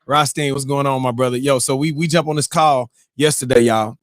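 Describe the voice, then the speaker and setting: Animated male morning-show host. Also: medium pitch, a little fast, no room sound, studio quality. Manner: animated, laughing, loose slang. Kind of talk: casual chat and storytelling.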